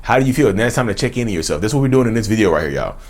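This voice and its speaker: Man talking straight to his viewers. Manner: talks straight to viewers, repeats questions, says "y'all"; lively pitch swings, slows right down on questions. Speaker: mental health channel host. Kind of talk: direct-to-camera talk.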